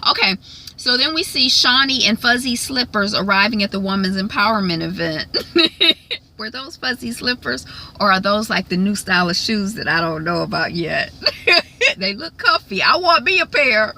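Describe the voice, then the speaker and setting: A woman's voice: medium pitch, animated, normal speed, creaky, pushed and bright, low-quality recording. A woman casually recapping a reality TV episode, chatty with lots of ums and frequent laughs. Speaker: recap vlogger.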